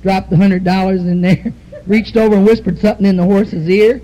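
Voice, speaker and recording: Into a stage mic at a nightclub, a woman does bawdy live stand-up for an audience, a profane, rambling storyteller stringing jokes together with drawn-out "I said, he said" delivery and chuckling at her own punchlines. Her mid-range voice has fairly even intonation and a dark tone, and the recording is rough.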